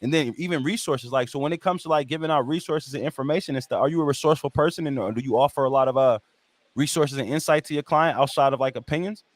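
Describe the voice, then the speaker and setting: A male interviewer asks long, winding questions in a loose, slangy, animated way. He talks quickly, and his voice sits mid-range for a man. The recording is dry and close. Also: medium pitch, no echo. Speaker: podcast host, interviewer. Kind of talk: casual interview conversation.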